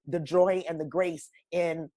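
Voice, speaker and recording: A woman's voice: fairly low pitch, steady tone, measured pace, dark tone. Woman guest, wellness coach type. Emphatic, straight-talking, preachy. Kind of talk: casual podcast conversation.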